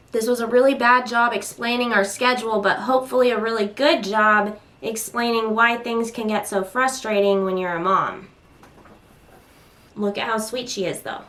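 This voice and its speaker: Young woman, mom vlogger, casual venting; chatty, exasperated, slightly high pitch, squeals when quoting. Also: fairly bright tone.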